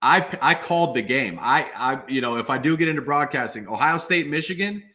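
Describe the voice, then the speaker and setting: A man's voice: mid-range voice, lively intonation, fairly quick, pushed and bright. A man in his twenties, a former football player, talking emphatically as a guest in a casual interview.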